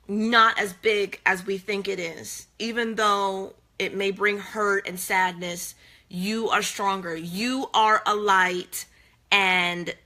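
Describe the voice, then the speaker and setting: A woman's voice: mid-range voice, sharp tone. A woman giving an earnest, faith-based pep talk to her viewers, chatting casually and repeating her key phrases. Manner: conversational with many fillers and restarts. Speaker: faith-based motivational speaker.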